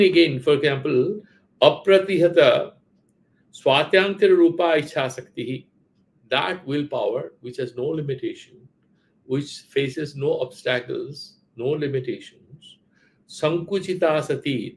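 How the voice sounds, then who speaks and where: A middle-aged man teaching philosophy, explaining Sanskrit scripture in a halting way, repeating words and asking rhetorical questions. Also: mid-range voice, vocal fry, darkish tone, rough recording.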